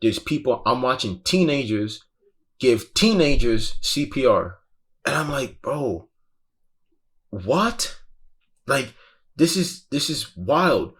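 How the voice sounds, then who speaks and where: A man's voice: mid-range voice, animated, measured pace. A man casually recounting a tense first-hand story, slangy and profane, saying "bro" constantly. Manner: intense, breathless retelling. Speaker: guest recounting a festival crowd crush.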